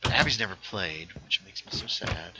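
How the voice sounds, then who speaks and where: A man's voice: low voice, expressive, normal speed, heavy background noise. A young man hosting a game livestream, chatting casually and telling rambling stories that interrupt themselves. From North Carolina. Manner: rambling, self-interrupting storyteller. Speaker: livestream host. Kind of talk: casual chat while gaming.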